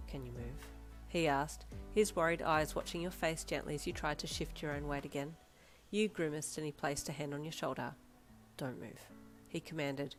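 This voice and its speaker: A woman reading fanfiction aloud as an audiobook narrator, with a steady storytelling delivery. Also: low-pitched. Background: faint background music.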